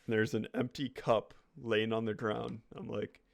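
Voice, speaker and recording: A man's voice: fairly low pitch, level tone, normal speed, vocal fry, no room sound, clean studio sound. Young man laughing through a rambling story. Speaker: podcast co-host. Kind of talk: casual storytelling chat.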